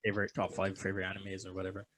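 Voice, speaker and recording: A man's voice: deep voice, completely flat delivery, rapid-fire, fairly bright tone. A young man co-hosting a podcast in casual chat, joking loosely, swearing freely and laughing often. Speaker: podcast co-host.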